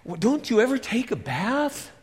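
A man voicing a self-righteous Levite who scolds an injured man in a loud, scornful, preachy voice during a storytelling sermon. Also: very high-pitched, very animated, moderate pace, breathy edge, voice pushed up, exaggerated voice.

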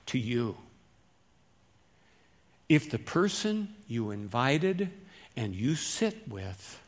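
Folksy male pastor preaching. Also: medium pitch. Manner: conversational, folksy, swings between loud emphasis and quiet asides. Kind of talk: sermon.

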